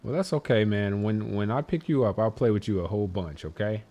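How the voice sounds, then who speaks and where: A young man chatting casually on speakerphone, playfully teasing a friend and then gently talking with his small son. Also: on the low side, a little fast. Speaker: streamer and father. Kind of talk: casual phone chat.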